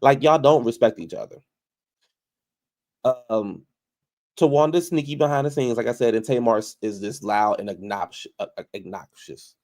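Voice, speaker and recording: A commentary vlogger with a mid-range, slightly mellow voice speaks casually at a moderate pace. He repeats phrases for emphasis and calls people out directly.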